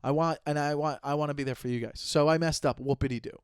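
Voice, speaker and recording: A man's voice: a little high, fairly even intonation, fast talker, clean tone, no echo, studio quality. A man in his thirties hosting a solo comedy podcast, rambling and self-aware, making jokes and often restarting his sentences. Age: 30s. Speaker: podcast host.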